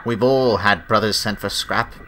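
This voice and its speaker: A man voicing a kind, steady older male engine who speaks gently and consolingly. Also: lowish voice, moderate pace, a little hiss or hum.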